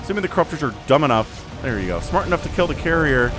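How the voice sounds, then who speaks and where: Male game caster, slightly high voice with lots of swing, excitable, faint music behind. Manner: animated, excitable, voices players in quick asides.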